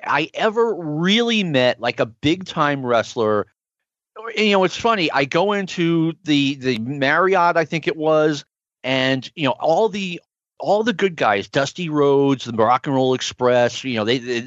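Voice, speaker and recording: A man's voice: on the high side, animated, normal speed, a bit bright, no room sound. A man in casual chat, enthusiastic, sharing memories and asking questions. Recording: dry, dull lo-fi sound.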